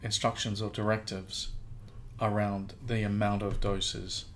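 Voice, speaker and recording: A man co-hosting a podcast, speaking hesitantly with many pauses and restarts. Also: fairly low pitch, little pitch movement, a bit bright, a little hiss or hum. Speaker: podcast co-host, practitioner. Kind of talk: casual podcast discussion.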